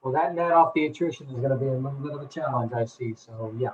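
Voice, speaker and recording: A man moderating an event, sounding hurried as he wraps up for time. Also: medium pitch, darkish tone. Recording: dull, distant sound.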